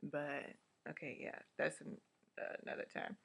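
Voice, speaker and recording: A woman with a voice deep for a woman, recapping a TV episode in a blunt, profane, chatty vlog style. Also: flat delivery, normal speed, creaky, fairly bright tone, breathy edge. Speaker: vlogger.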